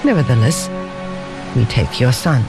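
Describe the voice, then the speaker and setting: A man's voice: mid-range voice, sing-song, a little slow, music in the background, voice pushed down. A man reading the part of a customs officer who speaks in an official, matter-of-fact tone.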